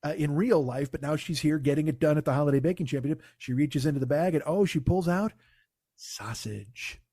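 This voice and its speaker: A man in his forties with a fairly high voice rants through a comic story, swearing freely and sounding fed up. The sound is dry and close, with no room around it. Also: quick pace, dark tone, no room sound. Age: 40s. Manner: profane, exasperated storytelling. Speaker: comedian podcast host. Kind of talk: casual comedic rant.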